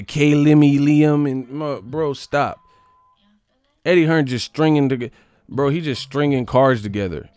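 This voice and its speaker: An American man hosting a boxing live stream, ranting in an animated, mocking, trash-talking way. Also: medium pitch, clear, resonant tone, dry recording. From United States. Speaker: boxing channel host.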